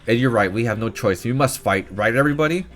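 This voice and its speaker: A man voicing an earnest young boy heir to a tribe who pleads and whines nervously in a squeaky voice. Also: fast talker, fairly bright tone, close to an everyday voice.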